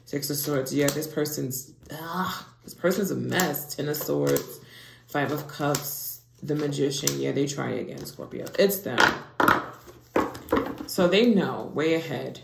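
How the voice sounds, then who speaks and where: A woman with a low, gravelly voice talks through a tarot reading at an unhurried pace. She swings between hushed whispers and excited outbursts. The room is echoey, with steady noise behind her. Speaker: tarot reader. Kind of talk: casual tarot reading monologue.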